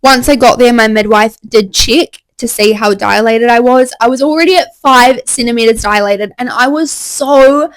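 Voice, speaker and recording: A young woman excitedly telling a candid story in a casual, chatty way. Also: a little high, moderate pace, few pauses, no room sound, low-quality recording. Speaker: vlogger.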